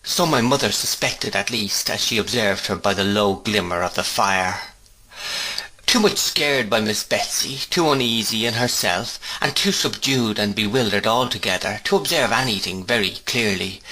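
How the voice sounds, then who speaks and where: Bright, expressive male storybook narrator. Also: lowish voice, normal speed, slight background noise, low-quality recording. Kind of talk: storybook reading for learners.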